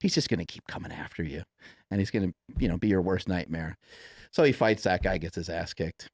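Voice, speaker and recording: A man with a low voice rambles through a story in casual chat, swearing freely and acting out each line of dialogue. He breaks into laughs as he goes, and the sound is dry and close. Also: a little fast, gravelly, dry recording. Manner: profane, rambling, acts out quotes with laughs.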